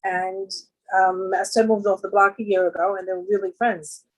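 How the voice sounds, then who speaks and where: A woman's voice: mid-range voice, level tone, normal speed, rough recording. A woman giving a storytelling talk to a women's gathering, chatty and full of fillers, often jumping into livelier voices for the people in her stories. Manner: conversational, with many fillers and jumps into quoted voices.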